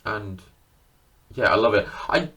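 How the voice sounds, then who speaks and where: Low-voiced man chatting casually to camera. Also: lively intonation, unhurried, sharp tone. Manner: chatty and enthusiastic, swears freely. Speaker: video creator showing his film collection. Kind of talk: casual unscripted chat to camera.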